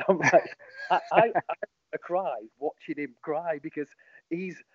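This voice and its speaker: A man, a former football captain, telling match stories in a casual interview, animated and full of ums. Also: fairly high pitch, measured pace, dry recording, dull audio. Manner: animated, rambling, lots of ums.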